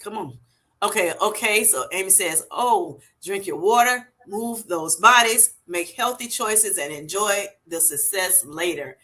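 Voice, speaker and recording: A woman's voice: mid-range voice, animated, measured pace, pushed and bright. A woman hosting a casual livestream, chatty, filling her talk with "you know" and "y'all" as she reads viewer comments aloud. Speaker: livestream host.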